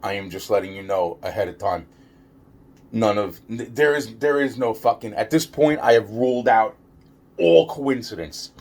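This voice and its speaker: Husky man ranting profanely. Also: fairly low pitch, moderate pace, a little mellow. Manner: profane, rambling, repeats himself, stumbles over restarts. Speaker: vlogger. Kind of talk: ranting vlog monologue.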